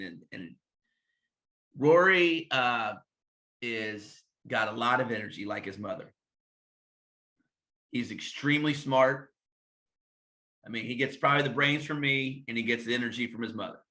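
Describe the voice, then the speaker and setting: A man who is a head swim coach, speaking casually in an interview and telling lively anecdotes while acting out bits of dialogue. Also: medium pitch.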